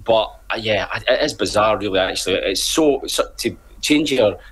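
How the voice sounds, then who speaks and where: A man speaking as a guest on a radio panel, measured and hesitant, with frequent ums. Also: lowish voice, expressive, fairly bright tone, low-quality recording. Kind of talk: studio panel discussion.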